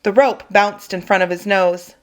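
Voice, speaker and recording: A woman reading a children's chapter book aloud in an expressive, dramatic way. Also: mid-range voice, moderate pace. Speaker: reader for children. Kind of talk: storybook read-aloud.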